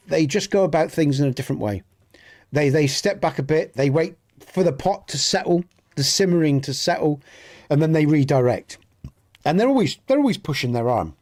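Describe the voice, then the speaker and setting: A man's voice: on the high side, a little mellow. A man with a Dorset accent chatting with live viewers while streaming a game, talking in an earnest, rambling way and often restarting his sentences. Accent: Dorset English. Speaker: gaming streamer. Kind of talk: casual chat with live viewers.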